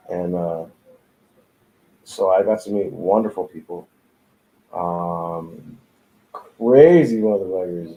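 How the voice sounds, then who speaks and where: A man with a somewhat low, dark and mellow voice tells stories from his life as a tattoo artist. He talks casually and profanely, laughing often as he goes. He is recorded in a tattoo studio. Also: poor audio. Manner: profane, laid-back, laughing storyteller. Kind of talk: casual storytelling chat.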